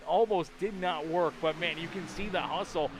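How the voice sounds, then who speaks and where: Excitable high-pitched race commentator, tired. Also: male voice, moderate pace. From Canada. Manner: excitable play-by-play with sudden loud bursts and rambling asides. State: tired and yawning. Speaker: sim racing commentator. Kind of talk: live play-by-play commentary. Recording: noisy stream audio with race-car engine sound.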